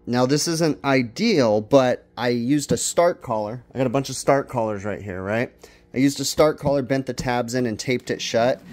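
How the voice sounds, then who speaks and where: A man hosting a casual DIY vlog, explaining his HVAC work step by step in a relaxed way with plenty of ums and uhs. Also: mid-range voice. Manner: relaxed, explanatory, many fillers like um and uh. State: out of breath. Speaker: HVAC technician and channel host.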